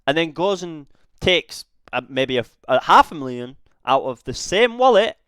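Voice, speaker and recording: Animated, swearing man. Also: a little high, moderate pace, clean tone, no room sound, studio quality. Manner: animated, swearing, many restarts. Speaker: reaction video host. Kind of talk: casual commentary.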